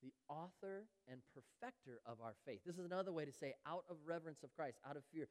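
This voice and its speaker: A man preaching a sermon as pastor, earnest, rising louder on key phrases and dropping very soft on others, sometimes acting out the voices of churchgoers. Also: a little high, quick pace, in a large hall. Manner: earnest, swells louder on key phrases and drops to near-whispers; acts out everyday voices of churchgoers. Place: church sanctuary.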